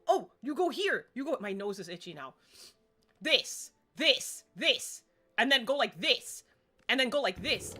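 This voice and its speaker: A woman streaming a game live, chatting excitedly and rambling to herself as she plays. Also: fairly high pitch, a little slow, faint music behind.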